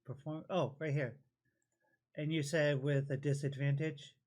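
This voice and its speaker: Jokey guy player at the game table, slightly higher voice. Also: little pitch movement, measured pace, a little mellow. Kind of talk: casual chat.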